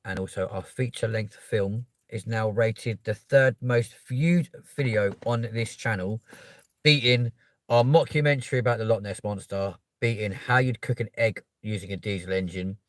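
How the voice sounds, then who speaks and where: A young man with a London accent hosting a live stream, chatting casually and cheekily with viewers and bursting into loud pleas to subscribe. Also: lowish voice, dry recording. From England. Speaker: livestream host. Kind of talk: casual live chat reading comments.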